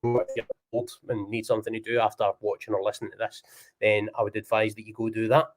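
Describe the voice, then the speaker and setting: A Scottish man hosting a football podcast in casual chat, quick asides, stumbling now and then over his words. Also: lowish voice, monotone. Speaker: podcast host.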